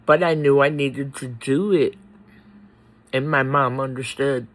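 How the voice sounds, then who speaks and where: A man talking in a personal vlog, halting and choked up, pausing often between words. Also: medium pitch, fairly even intonation, a bit bright, poor audio. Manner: slow, halting, with many pauses and fillers. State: tearful, choked up. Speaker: faith vlogger.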